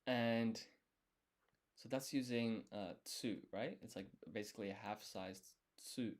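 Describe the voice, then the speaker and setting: A man's voice: lowish voice, measured pace. A man thinking aloud as he studies, explaining each step and quizzing himself under his breath. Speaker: language learner streaming his study. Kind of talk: thinking aloud while studying.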